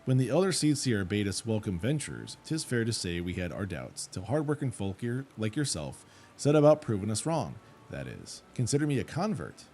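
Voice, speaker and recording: A man reading out a gruff, rustic woman who runs a chocobo ranch in a fantasy game, with blunt folksy speech. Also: lowish voice, big pitch swings, moderate pace, darkish tone, slight background noise. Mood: welcoming.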